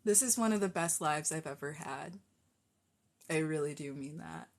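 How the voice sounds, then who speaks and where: A woman's voice: low voice, moderate pace. A young adult woman chatting casually with viewers on a live stream from her phone, rambling and effusive.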